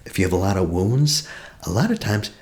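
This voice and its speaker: Deep-voiced man with lively, swinging delivery. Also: brisk. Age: 40s. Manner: questioning, often drops to a soft whisper. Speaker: attachment healing practitioner. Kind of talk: reflective teaching talk.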